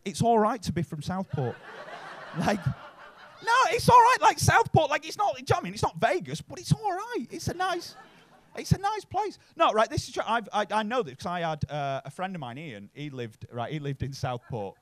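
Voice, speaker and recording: A stand-up comedian with a Manchester-area accent works a comedy club crowd, swearing freely and tagging his lines with "right?". His voice sits high for a man, and his pitch swings widely as he talks. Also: very animated, moderate pace. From Bury, near Manchester. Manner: swearing, chatty, keeps adding "right?".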